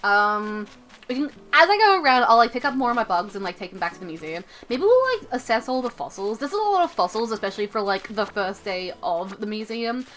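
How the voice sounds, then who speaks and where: A woman's voice: on the high side, big pitch swings, a little fast, fairly bright tone, slight background noise. A young woman streaming a game, chatting casually in a rambling way with lots of fillers. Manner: rambling, many fillers and restarts. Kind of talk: casual live-stream chat.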